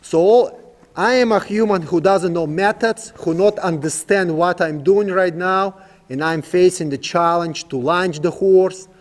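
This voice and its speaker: A horse trainer talks in a patient, coaxing way, mixing soft commands to the animal with plain explanations in broken English. His voice sits a little high for a man. The sound carries a long, spacious reverb. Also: measured pace. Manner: calm, coaxing commands to a horse, in simple non-native English. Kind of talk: instructional demonstration.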